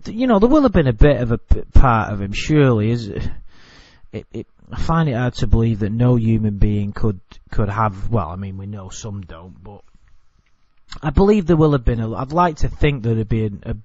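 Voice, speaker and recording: A man's voice: fairly low pitch, lively intonation, moderate pace, darkish tone, no echo, highs cut off. An English-accented man commenting on a TV clip in a rambling, blunt, self-correcting way. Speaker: video commentator.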